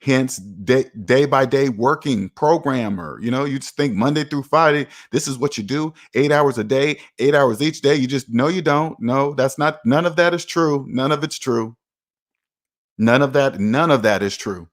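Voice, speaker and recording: A man's voice: medium pitch, moderate pace. A man giving a casual motivational monologue as a personal finance vlogger, repeating points for emphasis and speaking straight to his viewers. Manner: emphatic, repeats himself for effect; preachy, talks straight to viewers.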